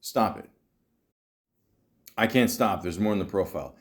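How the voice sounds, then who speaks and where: A man's voice: lowish voice, moderate pace, long pauses. A man hosting a comedy podcast, ranting in exasperation and stammering often. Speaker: podcast host. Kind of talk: comedic commentary.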